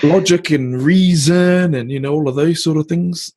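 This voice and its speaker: A man's voice: a little high, a little mellow. A man with a New Zealand accent hosting a casual chat, laid-back and full of slang. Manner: laid-back slang-heavy banter, quick to laugh. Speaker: podcast host.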